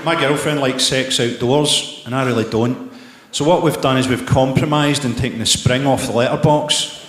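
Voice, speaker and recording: A Scottish man in his forties doing a live stand-up set, firing off profane, dark deadpan one-liners. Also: medium pitch, moderate pace, noisy background. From Scotland. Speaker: stand-up comedian. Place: large theatre stage. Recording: echoey live theatre hall with loud crowd laughter.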